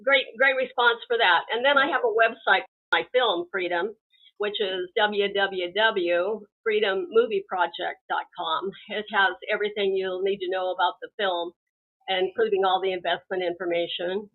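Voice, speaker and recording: A woman's voice: mid-range voice, steady tone, normal speed. A woman guest calling in to a talk show, chatting in an easygoing, conversational way. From American West. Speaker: guest, film producer. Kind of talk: casual interview chat. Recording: tinny phone line.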